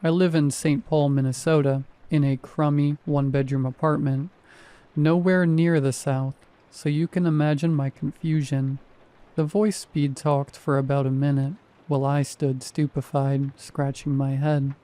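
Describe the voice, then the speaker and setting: A man in his thirties reading a first-person horror story in a measured, wry, deadpan way. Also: on the high side. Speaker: narrator.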